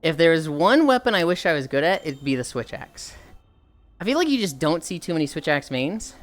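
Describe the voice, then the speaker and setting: A woman's voice: low voice, sing-song, fairly quick. A woman livestreamer chatting casually with her viewers, rambling, sighing often and swearing offhandedly.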